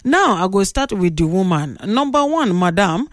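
A woman's voice: mid-range voice, big pitch swings, normal speed, dry recording. A woman with a Nigerian accent hosting a radio call-in show, chatty and opinionated as she tells a story. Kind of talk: casual radio talk.

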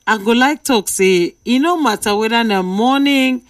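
A woman's voice: fairly high pitch, moderate pace, no room sound, recorded from a distance. Nigerian woman, late-night radio host, teasing banter, dry sound, sits back from the mic. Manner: playful, reads out listener messages and banters.

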